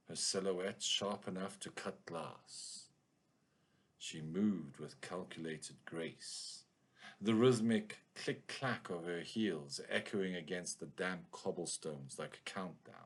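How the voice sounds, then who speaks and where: A man's voice: low voice, husky, pitched below the performer's own voice, exaggerated voice. A man reading a noir story aloud in the voice of a hard-boiled male detective, with clipped, brooding narration.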